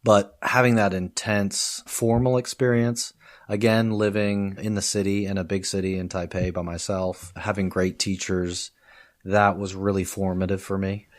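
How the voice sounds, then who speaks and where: A man's voice: deep voice, normal speed. A man, a professor of Chinese, telling stories in a conversational podcast interview, laughing often and acting out the people he quotes. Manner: lively storytelling, quotes people in put-on voices; laughs often while talking.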